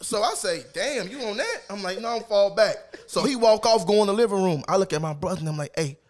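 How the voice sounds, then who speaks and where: A man on a live stream telling a comic story in casual chat, animated and profane, acting out the people he quotes. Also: high voice, quick pace.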